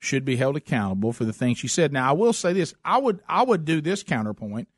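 A man's voice: mid-range voice, sing-song, fairly quick, husky, no echo, studio quality. A man hosting a political talk show, speaking emphatically and often repeating words as he starts a thought. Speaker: talk radio host.

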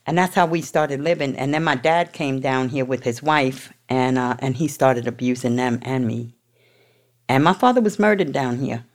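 A bass-voiced woman from New York talks at normal speed. Addressing an audience, she lays out her recovery story in a raw, profane and emotional way.

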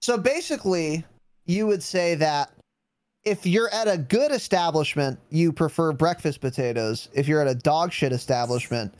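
A man's voice: a little high, animated, normal speed, no room sound. A man in his twenties co-hosting a podcast in casual chat, blunt, profane and teasing. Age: 20s. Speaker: podcast co-host.

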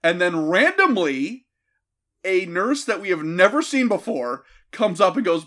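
High-voiced sarcastic man riffing. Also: big pitch swings, a bit bright. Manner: sarcastic, rapid, laughing riffs. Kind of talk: comedic movie recap.

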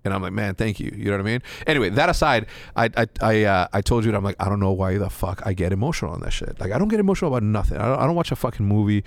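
A man's voice: lowish voice, lively intonation, very fast, gravelly, few pauses, dry recording. A young man from Mexico telling a story in casual chat, rambling with restarts and a lot of swearing. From Mexico (Juárez). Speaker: podcast guest.

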